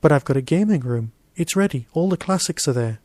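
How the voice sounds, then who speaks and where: A man's voice: fairly high pitch, lively intonation, brisk, darkish tone, no echo, close to an everyday voice. A man voicing a self-important, spoiled boy who speaks sharply and impatiently.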